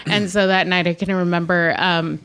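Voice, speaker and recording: A woman's voice: fairly low pitch, steady tone, normal speed, fairly bright tone, smooth. A woman guest sharing a personal faith testimony in an interview, talking openly with many fillers and frequent laughs. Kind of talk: candid personal testimony in conversation. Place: studio interview in Fresno.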